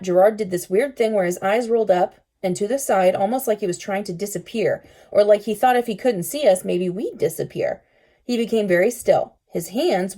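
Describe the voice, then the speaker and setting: Teacher read-aloud, woman, warm dark tone, calm and expressive. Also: medium pitch. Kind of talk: reading a children's novel aloud.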